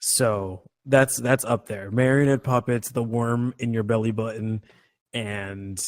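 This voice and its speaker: A man's voice: medium pitch, steady tone, unhurried, no room sound. Joking, rambling podcast co-host man. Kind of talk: casual chat.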